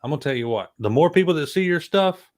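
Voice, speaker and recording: A man's voice: on the high side, animated, quick pace. A man in a casual chat who talks bluntly and emphatically and swears freely. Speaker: guest co-host.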